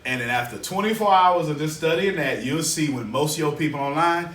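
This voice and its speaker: A man teaching a live seminar as a business coach, energetic and colloquial, drawing call-and-response from his audience. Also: fairly high pitch, a little fast. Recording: echoey room, mic far off, faint hiss.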